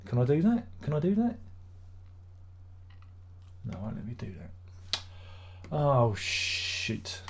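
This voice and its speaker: Exasperated, husky man grumbling. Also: medium pitch, very animated, slow pace, long pauses. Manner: exasperated grumbling, swearing, rambling. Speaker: live-stream host. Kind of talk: casual live-stream chat.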